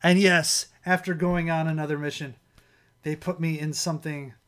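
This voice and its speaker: A man with a slightly high, strained voice hosts a casual livestream. He rambles, restarts his sentences and chuckles often as he chats. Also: flat delivery, moderate pace, fairly bright tone. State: strained, worn voice. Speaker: livestream host. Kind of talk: casual chat.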